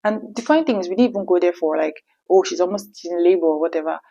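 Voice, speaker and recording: A young adult woman vlogger telling a personal story in a casual, frank, animated way, acting out what people said. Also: fairly low pitch, fast talker, dry recording, dull audio. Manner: animated, acts out quotes, frank.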